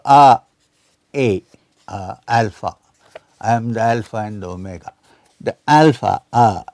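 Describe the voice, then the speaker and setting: A man's voice: medium pitch, darkish tone, dry recording. Older male lecturer, seventies, quotes verses, questions listeners, dead-dry sound. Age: 70s. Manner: quotes scripture and Sanskrit, asks the audience questions. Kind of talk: spiritual lecture.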